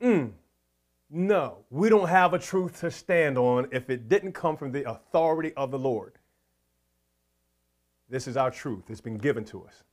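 A man's voice: mid-range voice, expressive, a little slow, pauses often, a little mellow. A man preaching a sermon, fervent and prayerful, repeating his exhortations.

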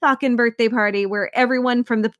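Animated middle-aged woman telling stories. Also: on the high side, fast talker, no echo, studio quality. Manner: animated storyteller, swears casually. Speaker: podcast guest. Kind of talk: casual podcast chat.

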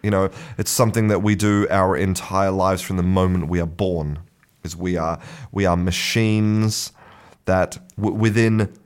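Brief: deep-voiced male language teacher, loose unscripted lesson, stumbles and restarts. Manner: hesitant, many restarts, chuckles often. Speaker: English teacher. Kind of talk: casual talking-head lesson.

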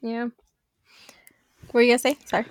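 A woman co-hosting a podcast in casual chat, animated, laughing often and swearing freely. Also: on the high side, fairly quick, no room sound, clean studio sound. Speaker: podcast co-host.

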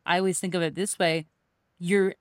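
A woman's voice: on the low side, moderate pace, no room sound, clean studio sound. A young woman, a podcast host and coach, chatting casually and telling stories, acting out other people's voices as she goes. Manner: animated storytelling, acts out quoted voices. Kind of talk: casual conversational podcast chat.

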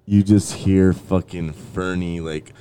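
A man's voice: low voice, takes it slowly, smooth. A man hosting a podcast, telling profane, laughing stories in casual chat. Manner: laughing, profane, animated storytelling. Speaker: podcast host.

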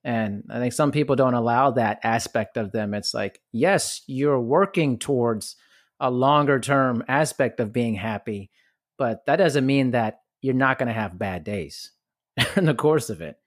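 A man's voice: mid-range voice, a little slow, dry recording, studio quality. A man hosting a podcast, thinking aloud in a loose way and restarting his sentences often. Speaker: podcast host. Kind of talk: casual podcast interview.

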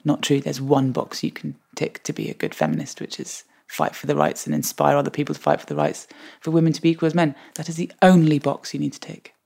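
A woman's voice: low voice, fast, vocal fry, few pauses. A woman, a podcast guest telling comic anecdotes with lots of laughter. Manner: animated comic storyteller, laughs often. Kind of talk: podcast interview.

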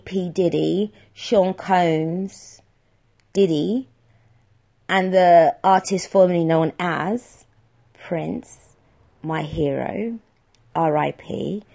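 A woman with a fairly low, slightly mellow voice hosts a solo podcast. She chats casually, rambling along and poking fun at herself.

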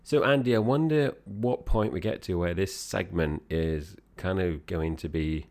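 A man's voice: low-pitched, unhurried, a little mellow. A man co-hosting a podcast, chatting easily about a film and tossing questions to his co-host. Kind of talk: casual film chat.

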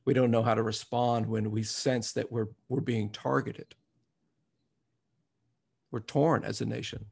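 A man's voice: mid-range voice, little pitch movement, a little slow, gravelly, breathy edge. A man preaching a sermon, reflective at first and growing emphatic as he reads scripture aloud.

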